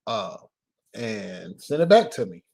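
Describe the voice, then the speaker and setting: A man hosting a casual live stream as a filmmaker, talking in a loose, joking way with laughs and drawn-out pauses. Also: lowish voice, very animated, vocal fry, darkish tone, husky.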